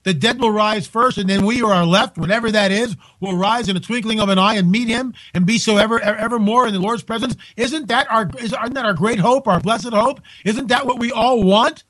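A man hosting a call-in radio show, talking in an incredulous, exclaiming way with quick asides, from home. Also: high-pitched, fairly bright tone, no room sound, poor audio. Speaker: radio talk show host.

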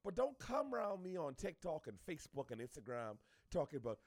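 A man from the Bahamas with a Bahamian accent, ranting to camera in an animated, preachy way, repeating his points. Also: a little high, a little fast, hardly any pauses, no room sound, studio quality. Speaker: social media commentator. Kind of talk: opinionated rant to camera.

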